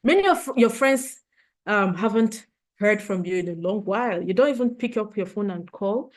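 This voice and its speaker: Woman trainer, middle pitch, earnest and heartfelt, presses her points with repetition in a motivational session. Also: lively intonation, moderate pace. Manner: earnest, emotional, repeats points for emphasis. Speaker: leadership trainer.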